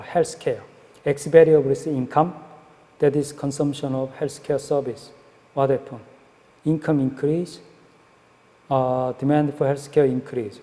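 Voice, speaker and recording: A man's voice: on the high side, dark tone. Man lecturing in an echoey hall. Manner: halting, frequent fillers and checks like "right?". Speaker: economics lecturer. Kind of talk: classroom lecture.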